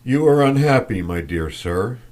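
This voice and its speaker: A man reading an audiobook voices a stern old male Freemason traveler who speaks in a deliberate, loud, grave manner. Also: medium pitch, expressive, pitched above the performer's own voice, lightly acted.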